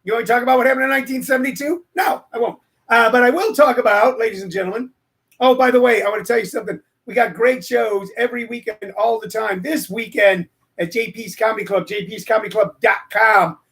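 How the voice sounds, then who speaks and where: Here a stand-up comic in his sixties, voice high and fairly bright, hosts a laid-back livestream. Between stories and plugs, he wanders off on joking tangents.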